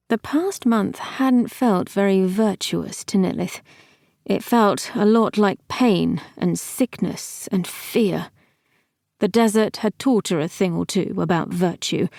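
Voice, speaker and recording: Slow, measured woman narrating an audiobook. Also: mid-range voice, creaky, a little mellow, dry recording, studio quality. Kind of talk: scripted narration.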